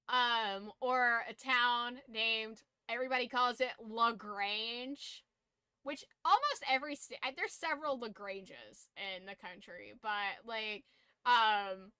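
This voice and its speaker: A woman streamer in casual chat, blunt and swearing freely, her throat going hoarse. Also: on the high side, lively intonation, slow, sharp tone, no room sound.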